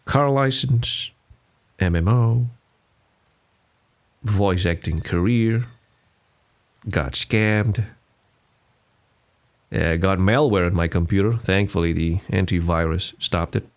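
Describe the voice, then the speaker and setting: Slow, gravelly young man. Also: deep voice. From Singapore. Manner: rambling and self-deprecating, with many restarts. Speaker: podcast host. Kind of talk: casual solo podcast chat.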